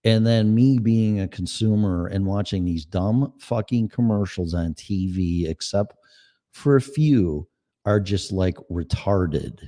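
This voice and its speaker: Middle-aged man, show host, blunt and profane, argumentative rant, slightly low voice. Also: takes it slowly, mellow. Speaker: podcast host. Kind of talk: solo opinion rant.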